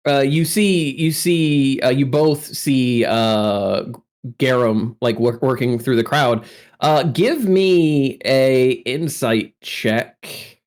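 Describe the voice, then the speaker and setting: A man's voice: medium pitch, slow. A man running a tabletop game as game master, narrating loosely with many fillers.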